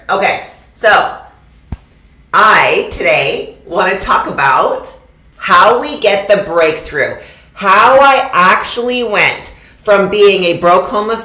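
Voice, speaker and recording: A middle-aged woman coach speaks to her audience over a video call, her voice emphatic and preacher-like. She sits a little low in pitch, and the room around her rings with echo. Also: sharp tone. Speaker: business coach. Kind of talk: live online masterclass talk.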